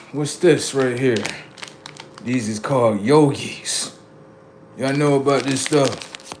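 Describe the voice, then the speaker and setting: A man's voice: medium pitch, background noise. A man on a live stream, chatting casually and swearing, then lecturing his viewers insistently about number codes.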